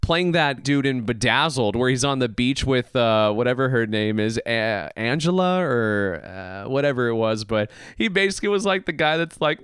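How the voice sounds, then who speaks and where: A man hosting a podcast, ranting casually and excitedly, laughing and swearing as he goes. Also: medium pitch, normal speed, hardly any pauses, smooth, dry recording, studio quality. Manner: animated, laughing, swearing, mock voices. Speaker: podcast host. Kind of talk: casual anime podcast rant.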